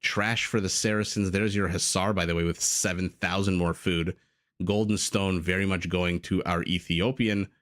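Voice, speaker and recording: A man's voice: deep voice, steady tone, normal speed, a bit bright. A man casting a live strategy game match, chatty and prone to rambling tangents with frequent laughs. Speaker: game caster. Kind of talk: live esports commentary.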